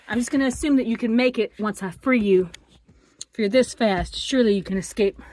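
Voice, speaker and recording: A woman filming herself at home, talking excitedly to herself in a closet and often dropping to a whisper. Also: mid-range voice. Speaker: vlogger. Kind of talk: casual self-filmed commentary.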